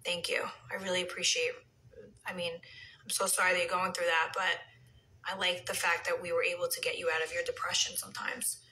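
A woman chatting casually on a live stream, reading comments, drifting into soft whispers and heated rants. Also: on the low side, flat delivery, a little fast, echoey room, slight background noise, rough recording. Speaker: reality TV personality on a live stream. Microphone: phone.

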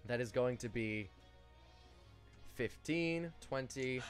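A man's voice: medium pitch, slow pace, faint music behind. A man narrating as game master of a tabletop game, loose and joking, with many fillers.

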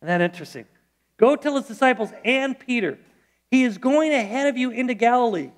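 A man's voice: very high voice, expressive, a little fast. A middle-aged male pastor preaching a sermon in church, conversational and storytelling, with frequent restarts.

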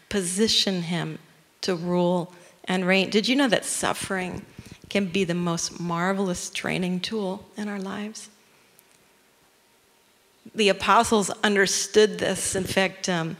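An animated woman preaches a sermon in a chatty, conversational way at a middling pitch. Her voice carries through a church with a long hall reverb. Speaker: guest speaker.

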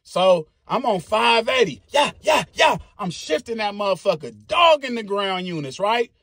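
A man tells a story casually at normal speed in a very high, husky voice, animated and profane, making his own sound effects. There's no echo.

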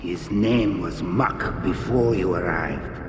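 An actor voicing a contemptuous male cult priest who preaches slowly as a game villain. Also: deep voice, faint music behind. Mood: scornful. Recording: roomy game audio with loud score.

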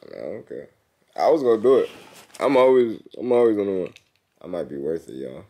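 Young guy chilling on camera, real low voice that bounces all over, slangy and easygoing. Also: big pitch swings, a little fast. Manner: laid-back slangy talk, laughs often. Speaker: vlogger host. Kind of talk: casual on-camera chat. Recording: loud music playing behind.

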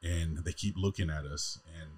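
A man's voice: low-pitched, fairly even intonation, normal speed, darkish tone, husky. A man in his forties from California, hosting a podcast, telling a long story casually, swearing and laughing as he goes. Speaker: podcast host.

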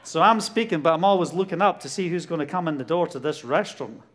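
A middle-aged man with a Glasgow Scottish accent gives a testimony sermon, telling a story with lively bursts and acting out dialogue. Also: fairly high pitch, fast. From Scotland. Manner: animated storytelling, laughs often, acts out dialogue. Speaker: preacher.

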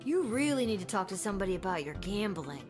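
A woman's voice: medium pitch, big pitch swings, fast, music in the background, lightly acted. A woman voicing a young daughter who teases her father in a video game. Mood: wry. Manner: wry, teasing. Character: young daughter, dry and sensible.

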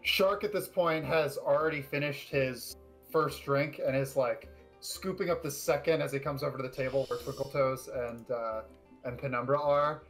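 A man's voice: medium pitch, fairly even intonation, moderate pace, a bit bright, faint music behind. A man casually narrating his character in a tabletop game, rambling with many fillers.

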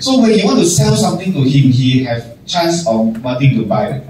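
A man's voice: mid-range voice, big pitch swings, moderate pace, a little mellow. A man, a general manager giving a casual motivational talk to staff, acting out little scenes and laughing often. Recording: echoey room, distant mic, noisy.

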